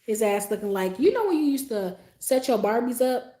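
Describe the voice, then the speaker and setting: A woman hosting a livestream, telling a story in a casual, profane, animated way, with frequent asides to her viewers. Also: on the high side, moderate pace. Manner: animated, profane, acts out her own reactions. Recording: roomy echo.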